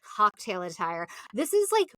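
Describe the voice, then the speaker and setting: A woman co-hosting a casual chat about reality TV, telling stories fast and acting out the people she quotes in exaggerated voices. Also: medium pitch, big pitch swings, sharp tone, no echo. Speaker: podcast co-host.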